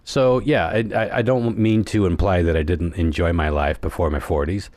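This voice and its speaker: A man's voice: sits low, fairly even intonation, normal speed, darkish tone, dry recording. A middle-aged man hosting a podcast, telling stories in a rambling, laid-back way. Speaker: podcast host. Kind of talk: casual chat.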